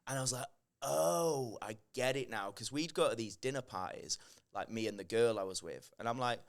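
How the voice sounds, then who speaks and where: Podcast guest, man, thirties, lowish voice, lively anecdotes with acted quotes. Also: fast talker. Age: 30s. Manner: animated storytelling, acts out quoted lines. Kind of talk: casual chat.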